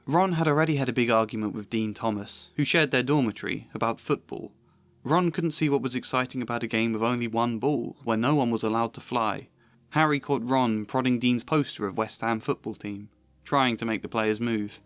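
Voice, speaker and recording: Male essayist, mid-pitch, dry close mic, thoughtful and self-questioning. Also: fairly quick, dry recording. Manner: reflective, self-questioning, occasional laughs. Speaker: video essayist. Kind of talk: analytical video essay with read-aloud excerpts.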